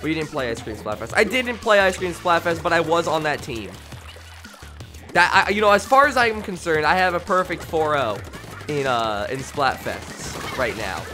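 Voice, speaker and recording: A man streaming a video game late at night, tired and rambling, with sudden bursts of shouting. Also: fairly high pitch, very animated, moderate pace, faint music behind. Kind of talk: live gameplay commentary.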